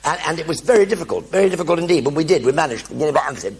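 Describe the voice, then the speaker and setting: An older man performs a one-man stage show before a theatre audience, spinning comic anecdotes and voicing the characters in them. His voice is fairly high, husky, and very fast.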